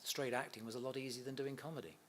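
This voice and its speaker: A man's voice: mid-range voice, fairly even intonation, quick pace. A middle-aged man chatting casually in an interview, telling family anecdotes and laughing easily. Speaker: interview guest, son of a comedian.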